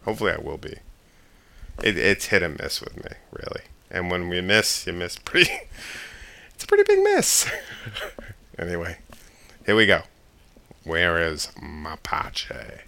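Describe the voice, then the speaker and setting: A man hosting a casual show, talking excitedly about a film, laughing and quoting lines loudly. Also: low-pitched, moderate pace, gravelly, long pauses. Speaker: podcast host.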